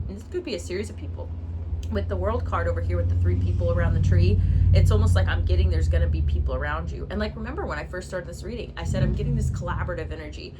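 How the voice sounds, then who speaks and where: Chatty woman giving a casual tarot reading. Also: lowish voice. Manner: chatty and loose, with frequent "like" and "okay?", swearing and laughing. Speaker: tarot reader. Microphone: phone. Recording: phone recording with clear background noise.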